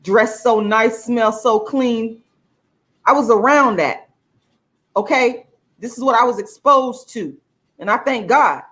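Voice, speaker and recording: A woman vlogger in a casual to-camera monologue, talking emphatically with plenty of swearing and her pitch jumping high for emphasis. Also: slow pace, pauses often, a bit bright. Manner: emphatic and profane, with laughs between points.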